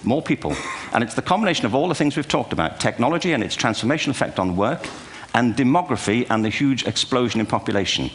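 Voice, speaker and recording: An older man holds forth in a large hall, spinning anecdotes with a dry, self-deprecating wit. His pitch rises and falls in lively swoops as he builds each joke. A faint murmur of room noise runs underneath. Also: quick pace, hardly any pauses. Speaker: speaker giving a talk. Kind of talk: humorous keynote lecture. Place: large auditorium before a live audience.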